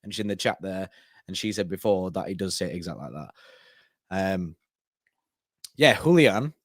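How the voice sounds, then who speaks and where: Young male co-host, casual and animated, dry close sound. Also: low-pitched, moderate pace, no echo. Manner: animated, laughs often, lively bursts. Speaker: co-host of fan live stream. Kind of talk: casual chat.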